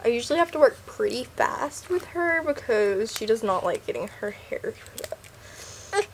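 A woman's voice: a little high, lively intonation, normal speed, slight background noise. A teenage girl chatting casually to her camera at home, often cooing to her baby in a sing-song voice. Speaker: vlogger. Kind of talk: casual vlog talk. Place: home, indoors. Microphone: camera set down nearby.

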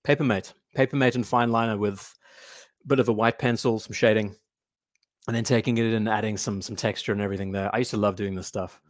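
A man's voice: on the low side, fairly even intonation, fast talker, no room sound, studio quality. A man hosting a live watch show, chatting casually, thinking aloud and answering comments from the chat. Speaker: watch channel host.

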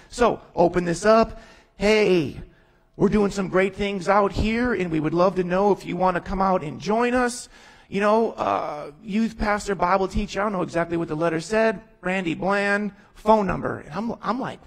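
A pastor in his thirties tells his testimony with a gravelly, rough edge to his voice. He acts out the people in his story and builds to emphatic, near-shouted declarations. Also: high-pitched, lively intonation, moderate pace, low-quality recording. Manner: storytelling, quoting himself and others in voices. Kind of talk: testimony sermon.

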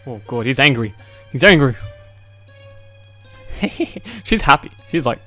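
A young man giving excitable, profane let's-play commentary while talking to his viewers. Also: medium pitch, slow pace, pauses often, soft background music. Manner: excitable, swears freely, talks to viewers. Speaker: gaming YouTuber.

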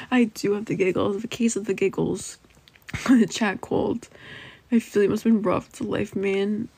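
A woman's voice: mid-range voice, steady tone, a little slow, gravelly, long pauses, a little mellow, slightly rough, no room sound. A young woman on a casual live stream, reading her chat, breathless and giggling, saying like and legit over and over. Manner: giggly, keeps laughing, says like and legit a lot. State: breathless from laughing.

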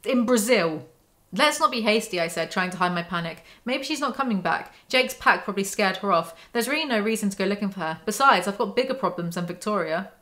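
A woman breaking down a novel for her channel, her voice bright and forceful. She reads passages aloud in a dry, even tone, then cuts in with sarcastic, mocking remarks. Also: mid-range voice. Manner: sarcastic, mocking asides between dry readings. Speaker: book commentary YouTuber.

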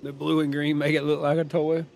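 A man's voice: on the high side, flat delivery, brisk, vocal fry, a little mellow, slight background noise. A man giving casual commentary while playing a video game, chatty and thinking aloud as he makes up his mind. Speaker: gaming streamer.

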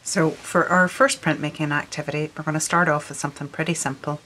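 A middle-aged woman from Scotland, her accent worn toward Northern Irish, talks through an art workshop in a low, friendly voice. She explains step by step with plenty of ums. Faint noise sits behind her. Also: steady tone, a little fast, sharp tone, rough recording. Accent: Scottish with a Northern Irish lilt. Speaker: artist leading a workshop. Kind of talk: instructional video workshop.

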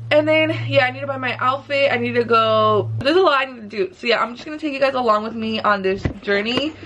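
Excitable young woman rambling to camera. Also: a little high, quick pace, a little hiss or hum, rough recording. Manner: rambling, excitable, lots of "like" and "literally". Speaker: vlogger and nail tech. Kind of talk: casual vlog chat. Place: at home, then in a car at a drive-thru.

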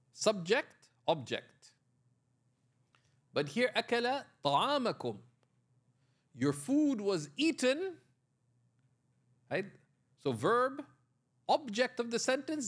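In a high, slightly rough voice, a man lectures a class on Arabic grammar, working through it step by step. He keeps questioning his students and checking in with "right?" again and again.

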